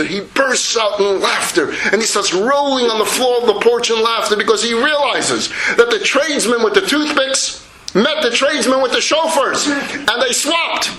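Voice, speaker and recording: A rabbi telling a parable to a class, lively and animated as he slips into his characters. His voice is high and bright. It carries through a roomy hall with faint noise underneath. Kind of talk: lecture storytelling.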